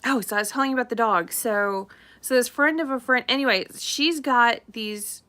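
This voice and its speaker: A woman's voice: on the high side, normal speed, pushed and bright. A middle-aged woman, a real estate agent chatting casually on a live stream, rambling and laughing often.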